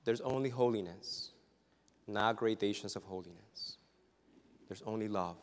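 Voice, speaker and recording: A male pastor preaching a sermon. His delivery is dramatic and full of humorous stories, and it swings from hushed asides to loud exclamations. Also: fairly low pitch, a little slow, long pauses. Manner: humorous storytelling. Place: church sanctuary. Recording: reverberant church hall.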